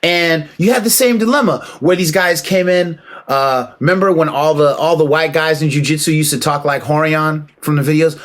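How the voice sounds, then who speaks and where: A man giving a casual, emphatic opinion monologue, preaching and calling out to listeners with rhetorical questions and shout-outs. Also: fairly high pitch, normal speed, few pauses. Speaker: martial arts commentator.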